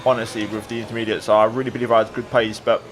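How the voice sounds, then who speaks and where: A man's voice: fairly low pitch, very fast. Brief: male sim racer narrating his race replay, easygoing, lots of fillers, noisy game audio behind. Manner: relaxed, reflective, with many fillers. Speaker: sim racing video creator. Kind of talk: replay commentary voice-over.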